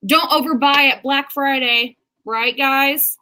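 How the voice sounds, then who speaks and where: A woman's voice: high voice, fairly even intonation, normal speed, hardly any pauses, bright, forceful tone. A woman in her twenties hosting a casual writing vlog over a video call, bubbly and giggly, often breaking into laughter. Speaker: host. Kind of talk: casual chat.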